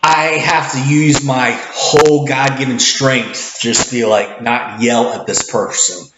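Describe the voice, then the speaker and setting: A man who works as a cashier, talking in a casual vlog with a loud, projecting voice, rambling with many restarts and acting out the greetings he gives customers. He sits back from the camera in an indoor room. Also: medium pitch, fairly even intonation, measured pace. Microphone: camera mic at some distance. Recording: echoey room, dull lo-fi sound, faint noise.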